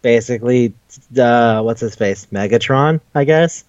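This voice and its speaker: A man's voice: medium pitch, moderate pace, darkish tone, clear, resonant tone, no echo, lo-fi sound. A man casually retelling a cartoon episode, swearing, laughing and jumping into the characters' voices. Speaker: podcast host. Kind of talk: casual recap chat.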